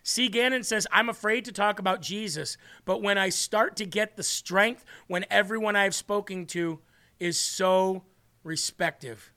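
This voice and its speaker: Man, host, live-stream faith talk, high voice, bright tone, earnest, excitable. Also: unhurried. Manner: earnest, excitable, restarts and laughs often. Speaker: host of an online faith show. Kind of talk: live-stream talk, reading viewer comments.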